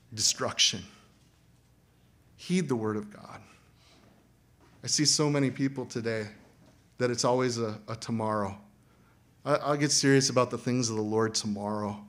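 Animated bright-voiced man preaching. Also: medium pitch. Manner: animated, acts out quoted voices. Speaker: pastor. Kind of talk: sermon.

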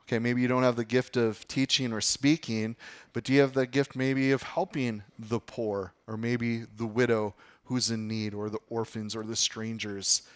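Male pastor, mid-pitched, conversational sermon delivery, questions to the room, quick self-deprecating laughs. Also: flat delivery. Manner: chatty, asks the congregation questions, laughs often.

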